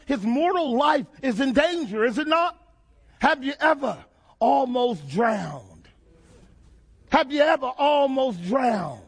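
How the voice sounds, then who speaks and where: High-voiced preacher with drawl. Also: male voice, a bit bright. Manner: preaching with call-and-response questions and dramatic repetition. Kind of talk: sermon.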